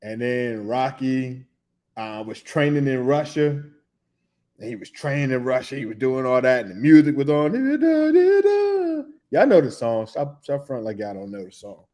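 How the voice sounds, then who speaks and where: Slangy, animated man telling a story. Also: mid-range voice, moderate pace. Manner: animated, humming tunes and acting out reactions; loose slangy speech with restarts and laughs. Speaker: podcast host. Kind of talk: casual storytelling.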